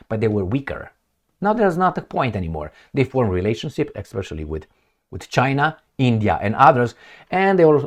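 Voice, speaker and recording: Animated male commentator, lively pitch. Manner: animated, rhetorical, sarcastic. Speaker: political commentator. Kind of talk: casual opinion commentary.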